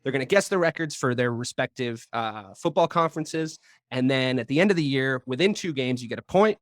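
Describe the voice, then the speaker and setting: A young man hosting a sports podcast, talking in brash, profane, quick banter. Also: medium pitch, animated, no echo, studio quality. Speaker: podcast host. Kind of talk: casual sports podcast chat. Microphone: podcast microphone.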